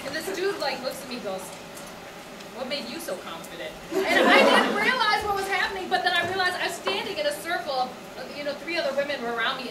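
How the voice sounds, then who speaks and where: A woman's voice: extremely high pitch, heavy background noise. A woman hosting a live event, chatting playfully and calling out to the audience. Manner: chatty, playful, calls to the crowd. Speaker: event host. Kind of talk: casual emcee banter with audience. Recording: echoey hall from far off, loud crowd. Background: loud audience.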